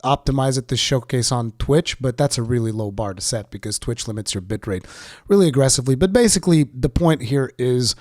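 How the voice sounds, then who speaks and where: A man's voice: medium pitch, lively intonation, fairly quick, a little mellow, no room sound, studio quality. A man with a sick voice giving casual, opinionated gaming commentary with sarcastic asides.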